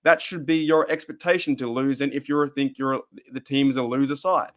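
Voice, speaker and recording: A man's voice: mid-range voice, steady tone, brisk, fairly bright tone. A young Australian man hosting a casual live stream, rambling and repeating himself as he reads the chat.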